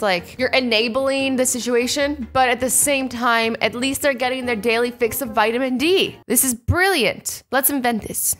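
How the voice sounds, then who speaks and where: Bubbly, high-voiced young woman vlogger. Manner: bubbly and animated, acts out little quoted scenarios. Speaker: YouTuber reacting to invention ideas. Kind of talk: casual reaction vlog. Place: home.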